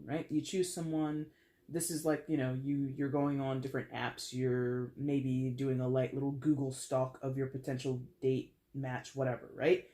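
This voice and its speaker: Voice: medium pitch, mellow. Chatty tarot reader, digressive. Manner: chatty and digressive, with playful asides. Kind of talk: casual tarot reading to camera.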